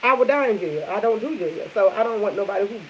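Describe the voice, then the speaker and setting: A woman's voice: medium pitch, animated, quick pace. Rambling woman chatting over coffee. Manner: chatty and rambling, repeats herself. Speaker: vlogger chatting with live viewers. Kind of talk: casual morning coffee chat. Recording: dull lo-fi sound with faint hiss.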